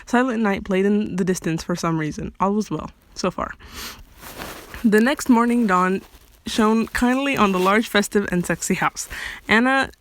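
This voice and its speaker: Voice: mid-range voice, moderate pace, a bit bright. A reader casually reading a homemade holiday story aloud, laughing and breaking off for asides and corrections. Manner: giggly, breaks off to add asides and fix slips. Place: in bed at home.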